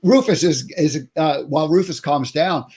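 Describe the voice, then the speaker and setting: A male interview host with a fairly high voice. He reflects thoughtfully on his guest's story and sums up its points. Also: moderate pace, a little mellow, slightly rough.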